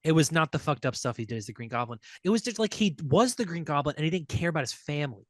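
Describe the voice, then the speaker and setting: A man's voice: a little high, expressive, quick pace, no room sound. A young man on a podcast, chatting casually and animatedly, telling stories and swearing freely. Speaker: podcast host. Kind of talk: casual chat.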